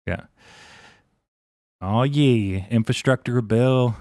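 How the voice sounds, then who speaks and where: A man's voice: fairly low pitch, moderate pace, a little mellow, no room sound, studio quality. A man hosting a live stock trading stream, rambling casually and thinking aloud. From Canada. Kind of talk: live stream chart commentary.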